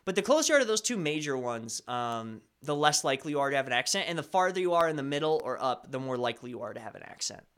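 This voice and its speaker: Stream host, man, slight Colorado accent, tense bright tone, rambling casual chat, pitched a bit high. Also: sing-song, fast, hardly any pauses, smooth. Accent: slight Colorado American. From Colorado, USA. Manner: rambling, self-correcting, chatty. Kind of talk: casual chat answering viewer chat.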